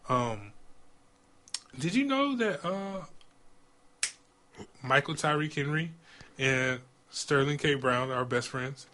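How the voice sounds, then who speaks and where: A man's voice: mid-range voice, lively intonation, takes it slowly, pauses often, sharp tone. A man co-hosting a podcast, chatting casually with slang and some stumbling restarts. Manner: enthusiastic, slangy, trips over his words. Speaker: podcast co-host. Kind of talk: casual chat.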